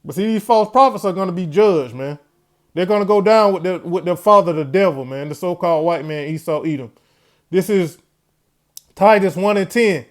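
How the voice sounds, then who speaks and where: Male host with a high voice, preaching-style commentary, says "man" after his phrases. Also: normal speed. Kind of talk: religious commentary.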